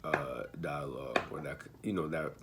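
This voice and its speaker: A man's voice: very deep voice, fairly even intonation, normal speed, heavy background noise. A man giving laid-back, slangy reaction commentary on a video, thinking aloud and correcting himself. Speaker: commentator reacting to a dating show.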